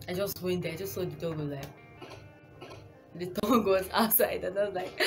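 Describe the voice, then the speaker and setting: A young woman with a Nigerian accent tells a casual storytime as a vlogger, her voice on the low side and fairly quick. She rambles, corrects herself and laughs often, with music playing behind her.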